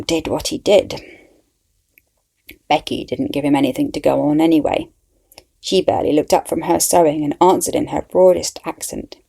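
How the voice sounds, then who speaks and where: A woman's voice: deep voice, creaky, mellow. A woman narrating a story in the first person with a wry, dry manner.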